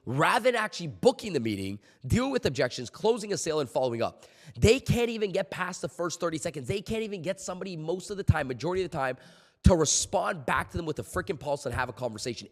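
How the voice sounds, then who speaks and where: Emphatic man coaching sales, lively pitch. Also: big-room sound. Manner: emphatic, repeats key points, swears casually. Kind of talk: motivational sales talk.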